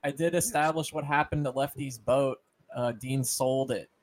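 A man's voice: mid-range voice, steady tone, moderate pace, no room sound. A man who plays in a tabletop game, chatting offhandedly on a podcast and making jokes. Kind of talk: casual podcast chat.

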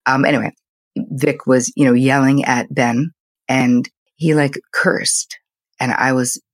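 Candid older woman with a husky voice. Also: rumbling low, no echo. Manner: candid, animated storyteller, speaks in quick bursts. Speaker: psychotherapist, podcast guest. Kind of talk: conversational interview storytelling.

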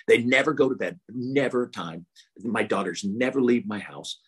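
A man's voice: fairly low pitch, animated, moderate pace, a bit bright, slightly rough. An older man from Texas, a guest author telling stories in an earnest, rambling way. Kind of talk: casual interview talk.

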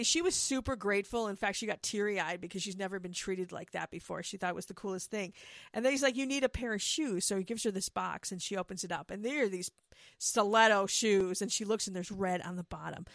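A woman's voice: medium pitch, fairly quick, no room sound. Chatty woman gossiping, dry close sound. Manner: animated, gossipy, laughs often, acts out quotes. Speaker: reality TV recap commentator. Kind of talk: casual chatty recap.

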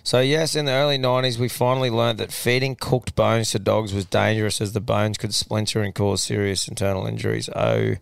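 Gravelly laid-back man. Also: lowish voice, lively intonation, brisk, hardly any pauses, dry recording, studio quality. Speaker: podcast co-host. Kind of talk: casual chat.

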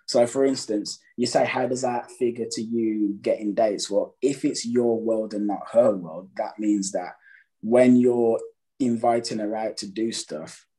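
Male dating coach, husky and mellow tone, emphatic, acts out his examples. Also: on the low side, steady tone, a little slow, rough recording. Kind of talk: casual advice chat.

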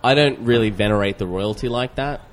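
A man from Australia doing improv comedy with a mock-earnest, deadpan manner and frequent laughter. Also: lowish voice, fairly quick, a little hiss or hum.

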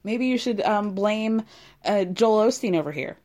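A woman giving casual, animated commentary on a reality show, sassy and quick to exclaim. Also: mid-range voice. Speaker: reality TV recap host.

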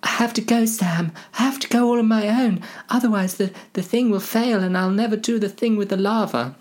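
A man voicing an anxious young male hobbit hero in an earnest, fretful manner, pitched well above his own voice. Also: a little fast, a little mellow, close to an everyday voice.

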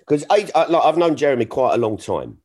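A man's voice: mid-range voice, brisk, slightly rough. A middle-aged man, a comedian, telling stories in casual chat and acting out the exchanges he quotes. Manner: animated, frequent restarts, acts out quoted exchanges. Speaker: comedian guest.

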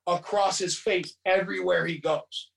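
A man rambles through a casual movie recap, swearing freely and doing the characters' lines. His voice is high and creaky, with a steady tone at normal speed. The recording is made from a distance.

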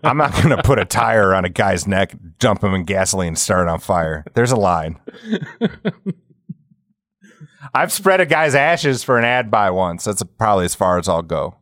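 A man's voice: fairly low pitch, animated, a bit bright, dry recording, clean studio sound. A man co-hosting a podcast in casual chat, swearing freely and laughing through his stories. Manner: profane, laughing storyteller; does quick impressions of people in his stories. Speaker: podcast co-host.

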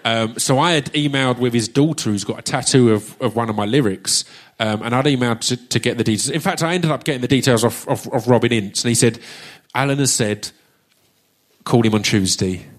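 A man's voice: mid-range voice, fast talker, hardly any pauses. Chatty Essex man on stage. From Essex, England. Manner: chatty and jokey, swears casually, restarts sentences often. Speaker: performer hosting an audience Q&A. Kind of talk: casual stage chat with a live audience. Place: theatre stage at a live book launch.

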